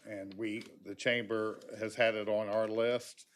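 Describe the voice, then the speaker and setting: Guy giving public comment, lowish voice, chatty and folksy w lots of ums. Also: level tone, a little slow. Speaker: public commenter at county meeting. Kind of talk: public comment at a government meeting.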